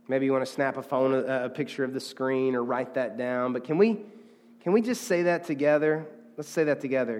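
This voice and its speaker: A man's voice: medium pitch, a little fast, darkish tone, long reverb tail. A man preaching a sermon as a pastor, earnest and conversational, often restarting and acting out quotes.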